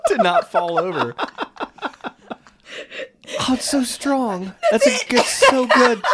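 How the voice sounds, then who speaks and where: Male co-host, playful and quick to laugh, with a highly animated voice. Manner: joking, laughs often. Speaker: podcast co-host. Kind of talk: casual podcast chat.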